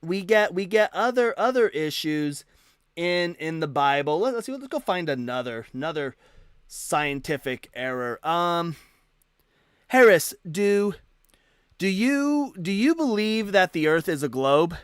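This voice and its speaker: A man's voice: high-pitched, big pitch swings, a little slow, clear, resonant tone, dry recording, clean studio sound. A man hosting a live debate stream, talking casually and animatedly, often repeating and restarting words. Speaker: livestream debate host.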